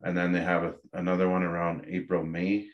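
A man's voice: sits low, monotone, brisk, muffled recording. A man, a podcast guest candidly telling a personal story with frequent fillers and restarts. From Ontario, Canada.

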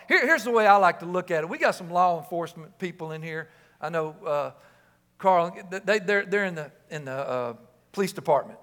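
A man in his fifties preaching a sermon in a church, impassioned, rising to shouts on key lines. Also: high voice, normal speed. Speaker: pastor. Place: church sanctuary. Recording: reverberant church hall.

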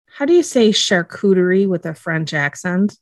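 A woman's voice: lowish voice, lively intonation, normal speed, no room sound, studio quality. A woman co-hosting a casual podcast who laughs a lot and swears at her phone's voice assistant. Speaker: podcast co-host.

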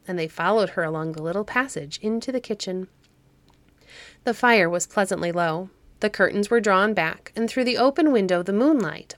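A woman narrating a fairy-tale audiobook in an even, measured reading voice. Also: mid-range voice, no room sound. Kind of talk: scripted storybook narration.

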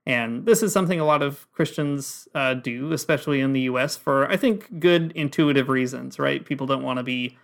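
A man co-hosting a podcast with an ordinary mid-pitched voice. He walks through his ideas in a thoughtful, explanatory way, keeping the tone relaxed and conversational. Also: fairly quick, vocal fry, few pauses. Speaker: podcast co-host. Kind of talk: casual podcast chat.

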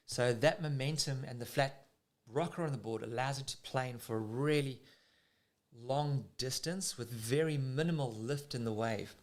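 A man with a South African accent coaches surfing in loose, casual talk. He gets excited as he explains and leans on everyday comparisons to make his point. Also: medium pitch, normal speed. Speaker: surf coach.

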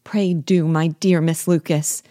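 A woman voicing a fretful, self-pitying middle-aged mother who complains in a slow, drawn-out, melancholy way. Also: deep voice, fairly even intonation, warm tone, no room sound, studio quality. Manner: whining, drawn-out melancholy delivery.

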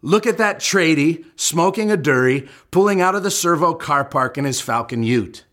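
A man's voice: a little high, expressive, normal speed, a bit bright. Young aussie guy with an australian accent, easygoing, as a preacher puts him on. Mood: laid-back. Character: young Australian man chatting casually.

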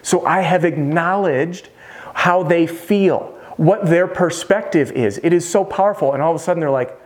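A man with a slightly high voice, talking at normal speed, offers roofing salespeople casual, direct instruction to camera. He keeps it conversational and addresses the viewer as "you."

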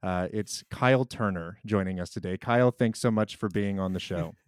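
A man hosting a casual film podcast, joking and then introducing the guest in measured host patter. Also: deep voice, no room sound, clean studio sound.

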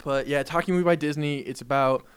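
A man's voice: fairly high pitch, steady tone, very fast, clean tone. A young man co-hosting a sports podcast, chatting casually and playfully and laughing often. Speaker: podcast co-host. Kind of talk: casual chat.

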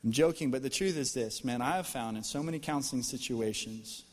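An American man preaching a sermon as pastor, talking to the congregation in a lively, conversational way with jokes. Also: mid-range voice, brisk. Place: church auditorium. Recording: long reverb from a church hall.

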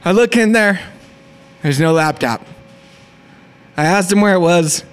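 A young man who owns a small business, excitedly telling a story and acting out the quotes. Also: high voice, measured pace, clear, resonant tone. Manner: excitable, acts out quotes in a rush. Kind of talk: animated storytelling.

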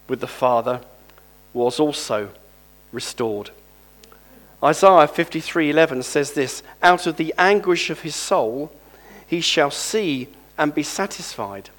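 A male preacher giving a sermon, reading scripture aloud and lively calling on the congregation to respond. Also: on the high side.

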